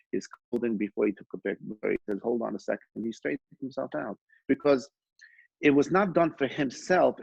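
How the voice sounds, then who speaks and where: A man's voice: medium pitch, vocal fry, a little mellow, husky, no room sound, highs cut off. A man giving an informal Torah class, telling stories in a conversational way with frequent restarts and quoted dialogue. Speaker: Torah teacher.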